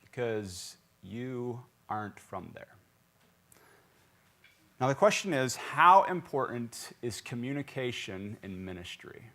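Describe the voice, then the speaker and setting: A man from South Carolina pastors a church and preaches slowly in a medium-pitched voice. Standing in the sanctuary, he jokes lively and tests the congregation with questions.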